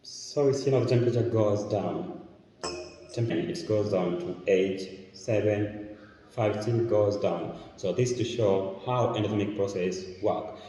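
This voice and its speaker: A man's voice: lowish voice, measured pace, mellow. A man with a Tanzanian accent, explaining a chemistry lesson step by step as he demonstrates experiments. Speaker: chemistry teacher. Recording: echoey room, mic far off.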